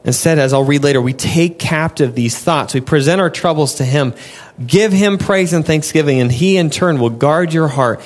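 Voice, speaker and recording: A man's voice: a little high, moderate pace. A young adult man preaching an earnest, conversational sermon, often acting out his prayers and God's replies. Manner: earnest, conversational, acts out dialogue with God.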